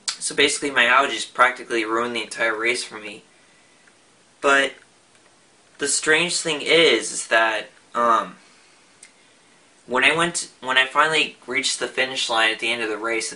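A man's voice: medium pitch, bright, forceful tone. A young man talking casually in a vlog, rambling with frequent restarts and fillers. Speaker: vlogger. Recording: voice a bit far from the mic.

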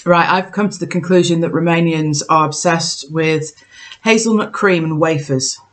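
A woman's voice: low-pitched, moderate pace. A woman vlogger in casual chat, thinking aloud and joking at herself as she tastes snacks. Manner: chatty, self-mocking, thinks aloud while tasting.

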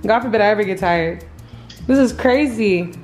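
A woman's voice: mid-range voice, normal speed, a little mellow, faint music behind. A young woman chatting casually to camera in a vlog, gushing and laughing often. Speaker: vlogger.

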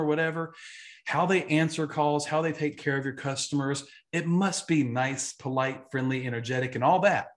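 A man, an insurance agency trainer, giving an emphatic, energetic live online training talk and repeating his key points. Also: a little high, moderate pace.

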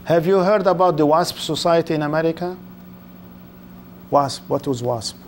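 An older Islamic lecturer with a slightly high voice speaks at a moderate pace to a live audience, peppering them with rhetorical questions and stretching words for emphasis. Faint room ambience and a little hiss or hum accompany him.

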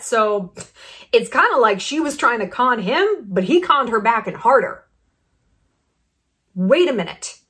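A woman hosting her own vlog, talking bluntly and profanely with strong opinions and lively asides. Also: mid-range voice. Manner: animated, drops into asides and mock quotes. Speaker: vlogger host. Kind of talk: casual commentary vlog.

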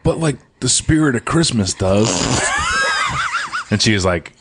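A man co-hosting a comedy podcast, joking around with halting restarts. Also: fairly low pitch, gravelly, raised voice, heavy background noise. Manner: animated, jokey, halting restarts. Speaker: podcast co-host. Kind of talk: casual comedic chat.

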